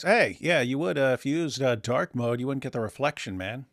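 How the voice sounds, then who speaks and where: Gravelly, wry livestream host. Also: male voice, mid-range voice, brisk, few pauses, no echo, clean studio sound. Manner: wry, teasing. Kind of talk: casual livestream chat, reading viewer comments.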